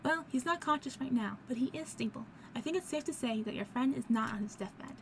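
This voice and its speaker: A woman voicing a calm, reassuring doctor in a game. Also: sits high, music in the background. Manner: measured, reassuring. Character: calm, matter-of-fact doctor.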